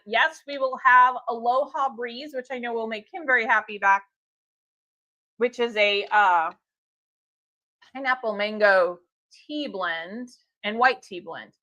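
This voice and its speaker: A woman's voice: on the high side, bright, forceful tone, no room sound. A woman hosting a live stream for her tea shop, talking in a chatty, upbeat way with fillers and laughs. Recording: dull lo-fi stream audio.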